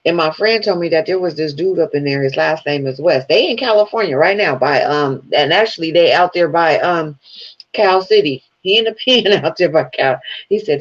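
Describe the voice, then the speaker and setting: Profane, rambling man, slightly high voice. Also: normal speed, fairly bright tone. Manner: profane, rambling storytelling with laughs. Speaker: vlogger. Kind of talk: casual commentary. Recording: dull lo-fi sound.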